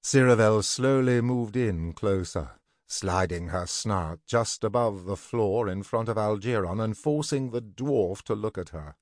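A man narrating a scripted fantasy story in an even, deliberate way. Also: fairly low pitch, no echo, studio quality.

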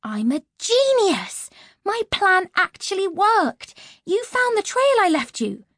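A woman reading an audiobook, voicing an eager, bold schoolgirl with a breathy voice. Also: very high voice, big pitch swings, takes it slowly, a bit bright, no echo, studio quality, pitched above the performer's own voice, heavily acted. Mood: triumphant. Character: excited, bold schoolgirl twin.

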